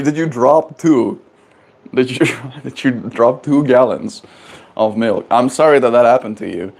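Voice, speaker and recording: A man with a mid-range, darkish voice livestreams from home. He's in a silly, playful mood, chatting casually and reading out his viewers' comments to answer them.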